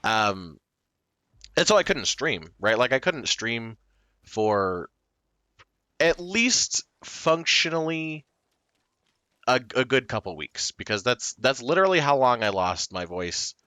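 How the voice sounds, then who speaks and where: A man's voice: mid-range voice, very animated, takes it slowly, pauses often, pushed and bright, smooth, dry recording. A man chatting casually to his stream viewers, rambling and self-deprecating, with plenty of fillers, restarts and short laughs.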